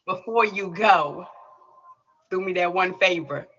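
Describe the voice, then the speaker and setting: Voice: mid-range voice, measured pace, sharp tone. The host of a poetry livestream, speaking casually, playful and teasing. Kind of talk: casual live stream hosting. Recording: dull lo-fi audio with faint noise.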